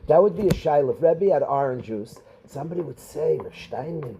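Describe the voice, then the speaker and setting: A middle-aged rabbi, teaching a class of students and calling on them by name with questions. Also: male voice, on the high side, lively intonation, a little fast, noisy background. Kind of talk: Torah class.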